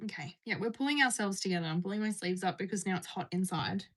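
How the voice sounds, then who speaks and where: A woman's voice: medium pitch, quick pace, fairly bright tone, breathy edge. A woman chatting casually on a live stream from home, bubbly and answering her viewers. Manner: chatty, bubbly, reading and answering chat messages. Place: indoors at home.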